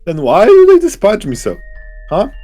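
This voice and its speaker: A man's voice: high voice, wildly swooping pitch, normal speed, warm tone, faint music behind, pitched above the performer's own voice. A man doing a bitter, self-loathing beast. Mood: bitter, angry. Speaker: co-streamer voicing a character.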